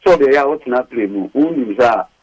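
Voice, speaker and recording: A man with a Ghanaian accent giving emphatic radio talk as a lawyer guest, repeating his points with sharp rises. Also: medium pitch, expressive, normal speed, husky, low-quality recording. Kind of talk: animated radio talk mixing English and Twi. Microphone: studio mic.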